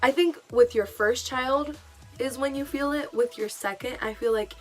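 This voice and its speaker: A woman's voice: sits high, normal speed. Young woman, casual storytime vlog, chatty, emotional, lots of fillers, faint music behind. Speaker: vlogger.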